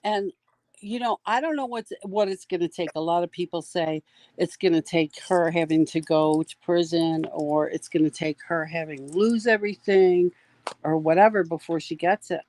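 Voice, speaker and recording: A woman's voice: on the low side, moderate pace, darkish tone, dry recording. An emphatic woman host speaks with plain indignation, often repeating herself to drive a point home. Her voice is recorded close and dry, with no room sound. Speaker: host of a commentary stream. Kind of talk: casual live commentary chat.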